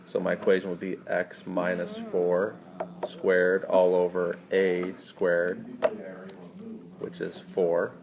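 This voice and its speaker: A man's voice: deep voice, monotone, slow, gravelly, a crowd in the background. A man tutoring math in a screencast lesson, walking students through each step and quizzing them as he goes.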